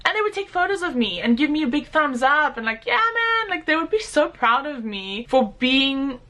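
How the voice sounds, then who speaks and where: A woman's voice: sits high, normal speed. A young woman in her twenties with a South African accent, animatedly telling personal stories in an interview. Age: 20s. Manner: animated, acts out quoted voices. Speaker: interviewee, motorcycle rider.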